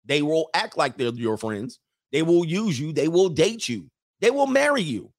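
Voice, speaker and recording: A man's voice: a little high, very animated, normal speed, no echo, clean studio sound. A man hosting a commentary show who reacts to a clip and makes his points emphatically, hammering them home by repeating them. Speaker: host.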